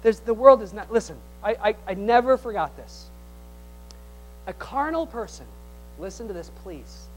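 A male pastor preaching a sermon, swinging from loud exhortation to hushed tones, with teasing humor and call-and-response. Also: sits high, animated, moderate pace, slight background noise, poor audio.

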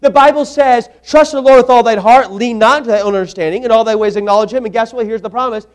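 A man's voice: very high-pitched, fast. A man preaching a sermon, emphatic, repeating words for stress and putting questions to the congregation.

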